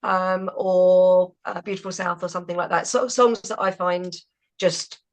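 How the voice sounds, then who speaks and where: A woman's voice: on the low side, fairly even intonation, measured pace. A woman in a band, chatting casually in an interview, with plenty of fillers. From England. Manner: chatty, laughs between thoughts, many fillers. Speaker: band member.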